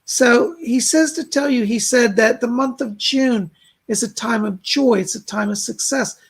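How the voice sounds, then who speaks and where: A man's voice: very high-pitched, measured pace, slightly rough. A man hosting a live stream, giving chatty psychic readings and relaying spirit messages with plenty of fillers. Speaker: psychic reader and host.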